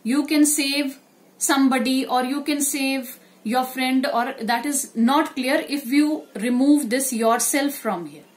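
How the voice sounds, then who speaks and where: A woman's voice: high voice, takes it slowly. A woman teaching a grammar lesson, explaining step by step and repeating examples.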